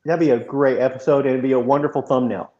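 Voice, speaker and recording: A man's voice: medium pitch, fairly even intonation, quick pace, mellow. Enthusiastic joking man in an echoey room. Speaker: co-host. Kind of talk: casual chat. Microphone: video call. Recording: echoey room, dull lo-fi sound.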